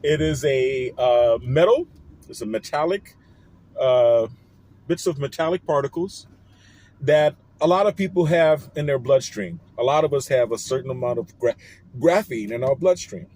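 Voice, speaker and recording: A man's voice: medium pitch, normal speed, a little mellow. A man with a New Orleans accent talking straight to his viewers in a rambling, hedging, conspiratorial way. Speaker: vlogger. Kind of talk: parody of a conspiracy-theory health vlog.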